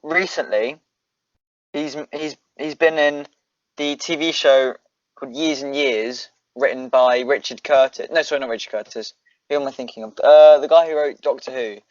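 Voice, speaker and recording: A man's voice: medium pitch, steady tone, normal speed, no room sound. Young man, dry lo-fi podcast. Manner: easygoing, trailing off, searching for names. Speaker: podcast co-host. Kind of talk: casual film review chat. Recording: dry, dull lo-fi home recording.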